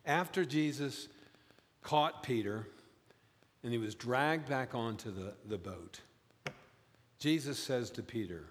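A man preaching a sermon as pastor, telling stories and rising high in pitch for emphasis. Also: lively intonation, takes it slowly, long pauses. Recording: long reverb, as in a church.

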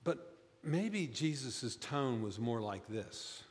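A man preaching a sermon as pastor, telling stories and rising high in pitch for emphasis. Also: very animated, slow pace. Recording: long reverb, as in a church.

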